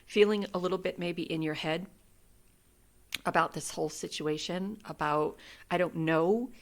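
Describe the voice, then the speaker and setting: A woman in her fifties with a slightly low voice gives a casual tarot reading, speaking gently about spirit and love. Her delivery is heartfelt and emotional, close to tears. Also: normal speed. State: welling up with tears. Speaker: tarot reader.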